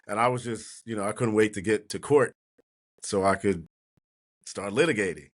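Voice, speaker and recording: A man in his sixties from New Jersey, a trial lawyer telling lively anecdotes as an interview guest, often laughing and acting out others. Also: fairly low pitch, normal speed. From New Jersey, USA. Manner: animated anecdotes, acting out quoted voices, laughing. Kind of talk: casual storytelling interview.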